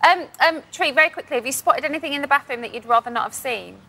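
Bubbly woman cohosting a tv chat show, high bright voice. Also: quick pace. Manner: bubbly and excitable. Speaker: co-host. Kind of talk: live TV studio chat.

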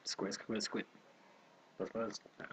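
A man's voice: takes it slowly, a bit bright. Crude, jokey man gaming with a friend. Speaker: let's play co-host. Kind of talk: casual gaming chat. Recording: slightly dull lo-fi audio.

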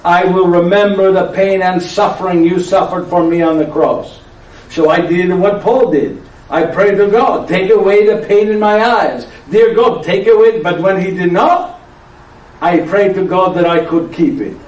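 An actor playing an aging, tired but playful friar with an Italian accent, a teasing storyteller who keeps asking "yes?". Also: male voice, high-pitched, a little slow, a little mellow. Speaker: actor performing a one-man show. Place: church hall before a live audience. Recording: echoey church hall, voice from far off.

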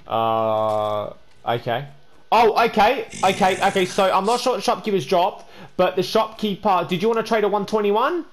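A man hosting a gameplay video, stammering and repeating words, then scolding another player loudly. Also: high-pitched, lively intonation, brisk, faint music behind. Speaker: gaming channel host. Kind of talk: casual gameplay chat.

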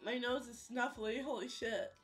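A young woman streaming a game, chatting loosely with her chat, swearing and breaking into loud outbursts and chanted sound effects. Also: fairly high pitch, fairly even intonation, moderate pace. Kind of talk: casual gameplay commentary to chat. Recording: faint music behind the voice.

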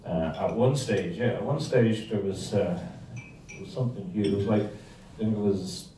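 A man's voice: fairly low pitch, moderate pace, dark tone, slight background noise. A man giving a rambling, joking talk to a club audience. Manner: rambling, joking, many fillers. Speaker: guest speaker. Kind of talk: humorous storytelling talk. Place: club dining room. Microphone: distant room mic. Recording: echoey room from far off, faint clatter.

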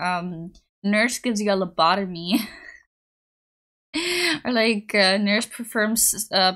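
Young woman streamer, chatty and giggly, mid-pitched, casual rambling talk into a desk mic. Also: a bit bright. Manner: bubbly, rambling, giggly, reads chat aloud. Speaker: livestreamer. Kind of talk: casual chat with live chat. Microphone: desktop USB mic.

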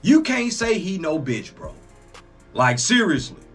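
A man hosting a reaction video, talking casually, excitable and profane, exclaiming often. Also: sits high, measured pace, soft background music.

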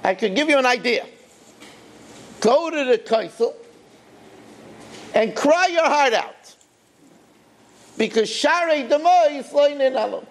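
A rabbi telling a story in a sermon, with an animated, emphatic delivery and swooping pitch. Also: male voice, a little slow, long pauses.

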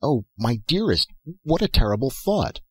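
A man's voice: lowish voice, animated, moderate pace, a little mellow, breathy edge. A man reading aloud and voicing a lovestruck young man who pleads urgently.

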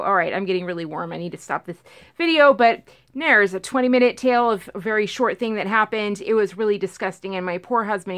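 A woman casually telling a storytime on her vlog, rambling and animated, acting out what everyone said. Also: medium pitch. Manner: rambling, animated retelling full of "like" and acted-out quotes. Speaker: vlogger telling a storytime about her cat.

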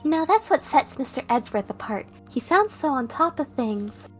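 A woman's voice: high-pitched, sing-song, normal speed, soft background music. A woman voicing a worried, eager teenage girl from a game. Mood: curious.

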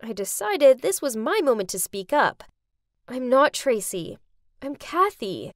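High, lively woman narrating a story. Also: measured pace, no room sound, clean studio sound. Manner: expressive, dramatic storytelling. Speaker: storyteller narrating in first person.

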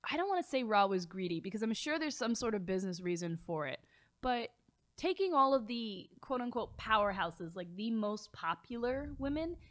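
A woman co-hosting a wrestling talk show in casual chat, opinionated and quick to laugh. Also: a little high, sing-song. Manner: opinionated, chatty, laughs easily.

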